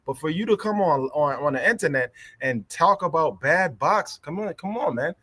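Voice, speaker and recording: A man's voice: a little high, lively intonation, normal speed, fairly bright tone, no echo. A young adult man, hosting a casual livestream and ranting in a heated, profane way that keeps repeating itself. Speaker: livestream host.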